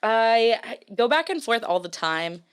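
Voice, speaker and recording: A woman's voice: fairly high pitch, very animated, a little slow, smooth. A young American woman in casual podcast chat as a guest musician, talking loosely with lots of fillers. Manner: chatty, loose, many filler likes.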